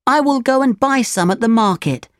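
A woman voicing an eager, cheerful wooden puppet boy in a children's storybook reading, in a much higher voice than her own. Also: moderate pace, no echo, studio quality, close to an everyday voice. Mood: earnest. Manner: excited, high and bright. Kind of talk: storybook character voice.

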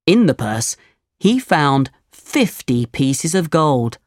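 A woman reading a children's storybook aloud, slow, clear and expressive. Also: low voice, dry recording, clean studio sound.

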